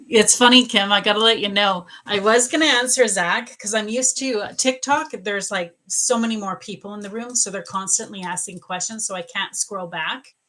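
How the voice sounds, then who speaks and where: Chatty woman psychic on a live stream, unhurried delivery, bright tone. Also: mid-range voice, low-quality recording. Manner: chatty and animated, laughs often. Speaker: psychic medium. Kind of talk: live-stream reading, casual chat.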